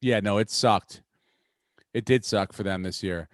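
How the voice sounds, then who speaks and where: A man hosting a podcast, talking sports in a profane, rambling, excitable way. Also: on the low side, measured pace, dry recording. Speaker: podcast host. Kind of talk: casual sports chat.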